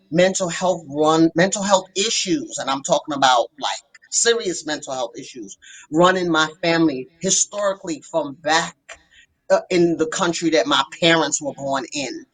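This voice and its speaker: A woman's voice: on the low side, rough recording. A woman therapist telling her story as a podcast guest, earnest and emphatic. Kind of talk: podcast interview.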